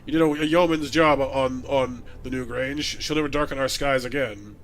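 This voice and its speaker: A man's voice: steady tone, moderate pace, fairly bright tone, slight background noise, natural voice. A man doing a grave, solemn old lord. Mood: solemn gravity. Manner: solemn, formal and lowered. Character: grave older nobleman lord, grieving father.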